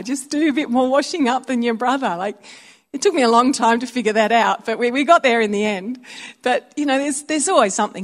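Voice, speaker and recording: A woman preaching a conversational sermon, telling stories and acting out little voices. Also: on the high side. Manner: chatty, storytelling, acts out voices.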